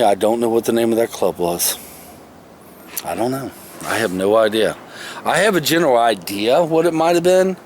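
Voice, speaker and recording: Handling the camera himself under a shady tree, a vlogger rambles folksily through a story from his past, correcting himself casually. His voice is medium in pitch and darkish in tone, with slight background noise.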